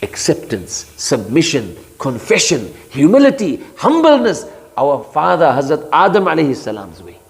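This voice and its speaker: A man giving a sermon of Quran commentary, emphatic, rising into high rhetorical challenges and chanting Arabic verses. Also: huge pitch swings, moderate pace. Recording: long hall reverb.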